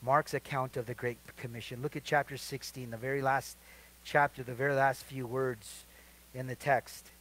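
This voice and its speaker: A middle-aged male pastor leading a midweek Bible study sermon, asking the congregation to fill in verses and swinging between quiet asides and loud emphatic lines. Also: mid-range voice, little pitch movement, normal speed, rough recording. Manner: asks the congregation questions to fill in verses, then answers them.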